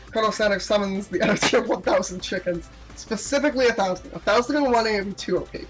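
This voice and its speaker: Woman reading a dating game out loud, jokey asides, lots of giggles, soft music in the background. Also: medium pitch, fast talker, hardly any pauses, poor audio. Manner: giggly, reads game text aloud with playful asides. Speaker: gamer reading a dating sim aloud. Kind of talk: casual gameplay commentary.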